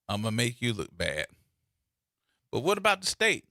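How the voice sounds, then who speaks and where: A man's voice: medium pitch, wildly swooping pitch, moderate pace, gravelly, sharp tone, dry recording, studio quality. A man, hosting a talk radio show with playful, theatrical commentary and mocking put-on voices. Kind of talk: animated commentary with mock skits.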